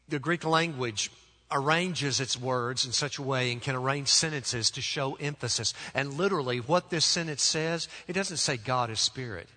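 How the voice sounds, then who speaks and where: Bright-voiced male preacher in a reverberant church. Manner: emphatic, deliberate pauses, drops to soft low tones. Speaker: pastor. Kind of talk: sermon. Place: church sanctuary.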